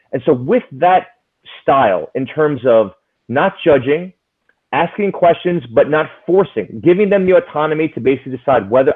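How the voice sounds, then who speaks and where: A man who is a psychologist, giving earnest advice in casual conversation and explaining with concrete examples. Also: fairly high pitch. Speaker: psychologist, interview guest. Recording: tinny phone-like line.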